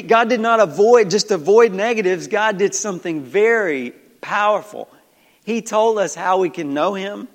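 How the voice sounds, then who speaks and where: A male pastor with a Southern country accent preaching a folksy sermon full of rhetorical questions, swinging between loud and hushed. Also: high voice, long reverb tail. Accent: American Southern country. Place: church sanctuary.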